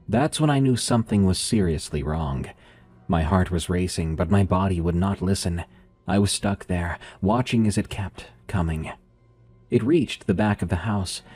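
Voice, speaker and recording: A man with a nasal voice hosting and narrating horror stories in a calm, measured way. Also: sits low, husky. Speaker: horror story narrator and podcast host.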